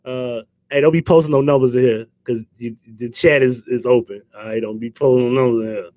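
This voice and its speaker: A man's voice: medium pitch, fairly even intonation, brisk, dark tone, no room sound. A man hosting a casual livestream who curses freely, jokes, and greets chatters by name. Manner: profane, joking banter, greets chatters. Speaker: livestream host.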